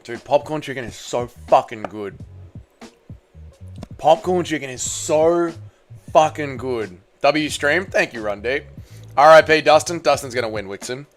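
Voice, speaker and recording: A man's voice: medium pitch, measured pace, soft background music. A man hosting a casual fight watch-party stream, reading chat messages and bantering crudely while eating. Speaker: livestream host.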